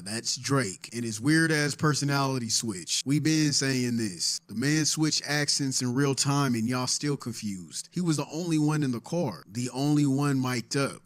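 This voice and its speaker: A man giving a blunt, scolding commentary voice-over in a video. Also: medium pitch.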